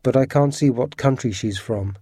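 A restless harpooner, read by a man in a storybook, urgent and plotting. The voice is mellow and the sound dry. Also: mid-range voice, moderate pace, no room sound, lightly acted. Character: restless, scheming male harpooner. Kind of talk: storybook reading.

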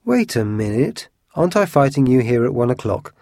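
A man voicing a giant, loud and boastful swordsman who speaks eagerly in a storybook reading. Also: big pitch swings, normal speed, no echo, clean studio sound. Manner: booming, eager.

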